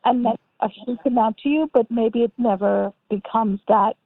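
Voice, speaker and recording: A woman's voice: on the high side, normal speed, no echo. A woman who created a TV show, chatting as an interview guest, thoughtful and repeating words as she searches for how to say things. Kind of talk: casual conversation. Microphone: phone or call line. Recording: tinny phone-line audio.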